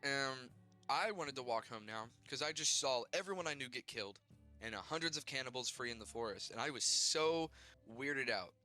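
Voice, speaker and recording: A man's voice: mid-range voice, animated, moderate pace, sharp tone. A man recapping his character's adventure in a tabletop game, in a rambling, casual way full of "like" and restarts. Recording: faint music behind.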